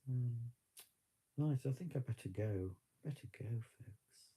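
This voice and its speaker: A man's voice: medium pitch, lively intonation, a little slow, mellow, breathy edge. A man chatting on a live stream, reflective and rambling with many fillers, tearful at times. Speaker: vlogger. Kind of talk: casual live-stream chat.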